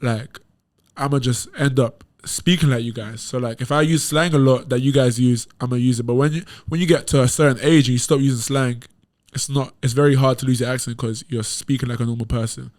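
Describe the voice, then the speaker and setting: Speaking with an English accent and lots of London slang, a young man who plays college basketball chats as a podcast guest, telling stories animatedly and laughing. His voice is medium-pitched and a little fast.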